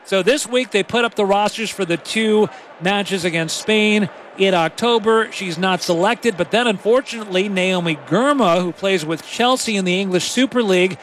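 A man's voice: high-pitched, normal speed, fairly bright tone, slight background noise. A man giving halftime radio commentary from a stadium booth, emphatic and openly opinionated. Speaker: radio broadcaster.

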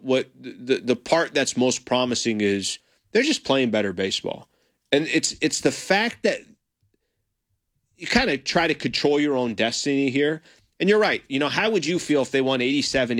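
A man's voice: medium pitch, lively intonation, moderate pace, a bit bright. A man co-hosting a sports radio show, talking casually and hedging with restarts.

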